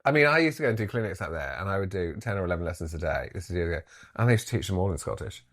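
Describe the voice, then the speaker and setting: A man with a very low voice who talks as a guest in a relaxed chat at home. He laughs often between teasing anecdotes. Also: racing. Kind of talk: casual chat. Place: his home.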